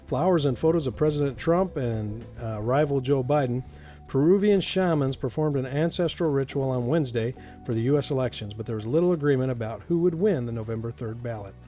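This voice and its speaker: A man's voice: medium pitch, fairly quick, dark tone, soft background music. A man hosting an odd-news podcast, reading stories aloud and joking around, often laughing. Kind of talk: casual comedic chat.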